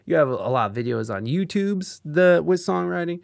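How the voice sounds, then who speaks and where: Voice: medium pitch, animated, fairly quick, vocal fry, no room sound, clean studio sound. A podcast host chatting casually with a guest, teasing and emphatic, prone to playful rants.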